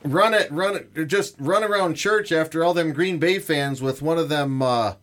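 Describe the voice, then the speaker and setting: A man's voice: a little high, moderate pace, a bit bright. A man teasing and joking in a casual radio chat.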